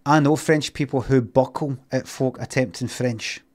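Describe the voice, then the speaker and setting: Scottish guy streaming, just chatting, mid-pitched voice, keeps arguing with himself. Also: moderate pace. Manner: animated, self-mocking, argues with himself. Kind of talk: casual storytelling monologue.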